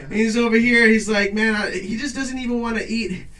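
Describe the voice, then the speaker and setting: A man hosting a late-night talk show, doing a loud, profane stand-up monologue in front of a live garage audience. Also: very high-pitched, steady tone, brisk, far from the mic, poor audio. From Mexico. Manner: loud hype-man announcing to a crowd; casual profane joking.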